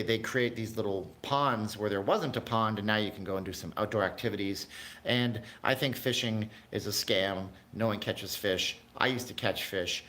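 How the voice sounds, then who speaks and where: This man's voice sits fairly low and carries a little brightness. As host of a laid-back livestream, he chats aimlessly, drifts between side topics, and addresses the people in his live chat.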